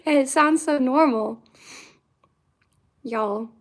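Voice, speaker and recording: A young woman vlogger from Central Florida chats casually to the camera for her viewers in a high voice. She talks slowly, pauses often and rambles, full of fillers and restarts.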